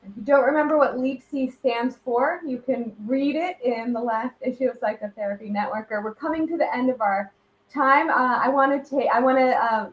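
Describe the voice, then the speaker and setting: A woman's voice: sits high, normal speed, echoey room, poor audio. A woman hosting an interview as a magazine editor, friendly, with small hesitations as she moves to the next question.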